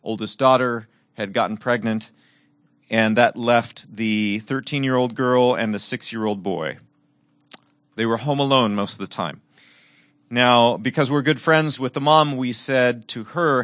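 A man's voice: medium pitch, a little slow, dry recording. Earnest preaching man, dry sound. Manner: earnest, swings from bright emphasis to soft, quiet reflection. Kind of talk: sermon with personal storytelling.

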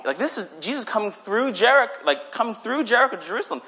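A young man giving a casual sermon, animated, often acting out little voices for the people he talks about. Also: extremely high pitch, fast. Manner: animated, acts out voices in quotes. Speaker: preacher.

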